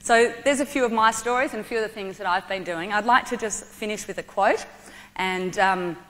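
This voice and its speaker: A woman from Australia giving a lively motivational talk to a young audience, leading a martial arts demonstration and calling out instructions. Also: mid-range voice, a little fast. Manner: energetic, playful instructor, shouts commands. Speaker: guest speaker, martial arts athlete. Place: large hall with audience. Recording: reverberant hall.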